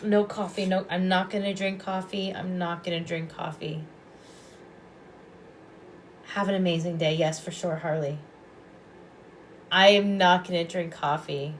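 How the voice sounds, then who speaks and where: A calm woman with a fairly low voice gives psychic readings on a live stream. She speaks softly and unhurriedly and comes back to the same phrases again and again. A faint hiss sits under her voice. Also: unhurried, long pauses. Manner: calm, soft-spoken, repeats phrases. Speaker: psychic reader and past life regressionist.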